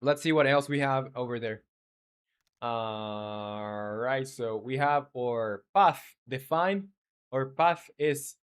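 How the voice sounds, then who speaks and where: A man, not a native English speaker, live streaming as a game developer, thinking aloud while he codes and chats with viewers in halting speech full of fillers. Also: mid-range voice, smooth.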